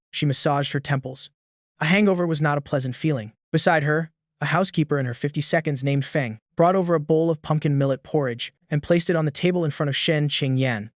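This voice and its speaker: A man's voice: a little high, no echo. Man narrating a story, dry close sound.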